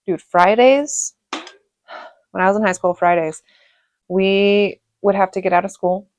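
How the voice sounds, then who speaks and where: A middle-aged woman from Reno telling rambling stories about her childhood, laughing often and filling pauses. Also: lowish voice, gravelly, darkish tone, dry recording. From Reno, Nevada. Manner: rambling, chatty, laughs often, many fillers. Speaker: vlogger. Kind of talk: casual storytelling monologue.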